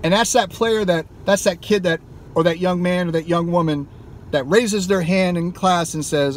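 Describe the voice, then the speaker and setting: Man, impassioned rant, emphatic, swearing, slightly high voice, inside a car. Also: normal speed, slight background noise. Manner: emphatic, heated, swears freely. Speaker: gaming YouTuber.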